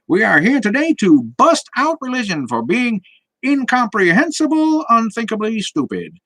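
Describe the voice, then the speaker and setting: A hammy 1920s radio announcer. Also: male voice, extremely high pitch, huge pitch swings, fairly bright tone, dry recording, voice pushed up, exaggerated voice, low-quality recording. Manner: grandiose, drawn-out showman delivery.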